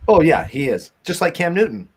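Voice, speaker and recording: A man's voice: a little high, big pitch swings, fairly quick, slight background noise. A man co-hosting a live sports betting show, joking, swearing and poking fun at himself in casual chat. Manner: joking, swears, self-mocking.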